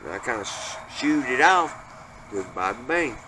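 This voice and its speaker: A man telling a family ghost story in a folksy, profane, animated way. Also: medium pitch, moderate pace. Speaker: panel storyteller. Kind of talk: casual storytelling. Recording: noisy background hiss.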